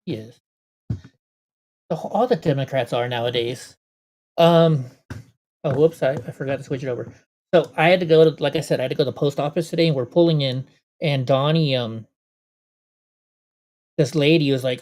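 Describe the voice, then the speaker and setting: A man's voice: a little high, brisk, darkish tone. A man hosting a casual livestream, chatting to viewers, exclaiming and retelling conversations. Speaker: livestream host.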